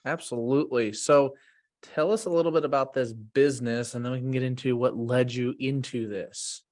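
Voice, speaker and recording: A man's voice: mid-range voice, normal speed. A man from the United States hosting a podcast interview, talking casually with frequent fillers and restarts. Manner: relaxed, filler-heavy delivery. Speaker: podcast host.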